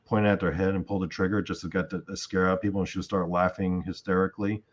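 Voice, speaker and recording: A man's voice: low voice, little pitch movement, quick pace, lo-fi sound. A man hosting a podcast, retelling events in a rambling, casual way with lots of fillers. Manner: rambling retelling with many fillers and acted quotes. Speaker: podcast host. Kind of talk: casual storytelling chat.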